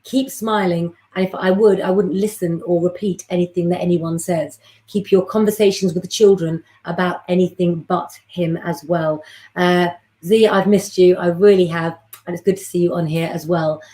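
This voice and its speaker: A woman's voice: fairly low pitch, steady tone, normal speed. Chatty woman hosting a live stream. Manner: warm, chatty, rambling, gives readings to viewers by name. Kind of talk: chatty live stream with viewer shout-outs.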